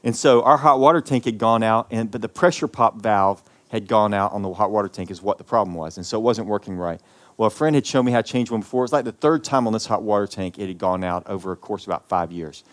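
Preaching man with wide swings in loudness. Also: fairly low pitch, fast. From American South. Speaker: pastor. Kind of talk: sermon.

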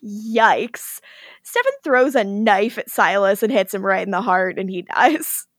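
A woman's voice: medium pitch, measured pace, no room sound, studio quality. A woman co-hosting a podcast, animatedly retelling a TV episode and acting out the characters' lines with frequent laughter. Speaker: podcast co-host. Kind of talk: casual recap chat.

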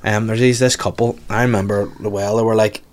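A man's voice: fairly low pitch, flat delivery, a little fast. A man with a Belfast accent chatting casually, telling funny local stories with plenty of swearing. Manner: swearing, storytelling, laughs at his own anecdotes. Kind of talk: casual chat.

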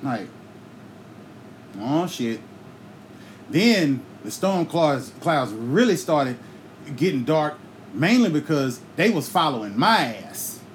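A man hosting a podcast, telling a comic story in a loose, profane, animated way and breaking into sung bits now and then. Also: a little high, slow pace, slight background noise. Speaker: podcast host.

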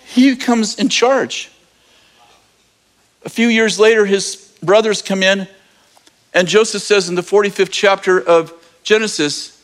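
Animated male preacher with a high voice, telling a story with humor and acted-out voices. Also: moderate pace. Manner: animated, acts out voices, jokey asides. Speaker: pastor. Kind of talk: lively storytelling sermon.

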